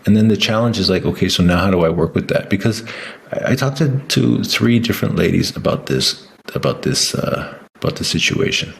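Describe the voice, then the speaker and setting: Low gravelly man rambling casually. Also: animated, fairly quick, slight background noise. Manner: rambling, many restarts and fillers, laughs often. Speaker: vlogger. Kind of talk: casual rambling talk to camera.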